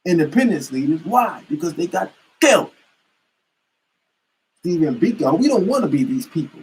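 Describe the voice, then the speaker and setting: Husky male commentator, emphatic and preachy, casual rant. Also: a little high, big pitch swings, normal speed, pauses often, rough recording. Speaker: political commentator. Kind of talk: casual political rant to camera.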